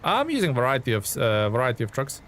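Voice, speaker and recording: A man's voice: mid-range voice, huge pitch swings, quick pace, fairly bright tone, a little hiss or hum. A man streaming a game live, chatting casually with viewers and rambling through his thoughts with frequent restarts. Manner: rambling, restarts often, answers chat by name.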